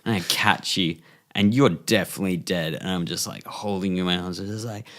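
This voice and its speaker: A man's voice: sits low, fairly even intonation, fairly quick, background noise. A young man co-hosting a podcast, playfully improvising a silly story intro and laughing often. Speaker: podcast co-host. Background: faint guitar music.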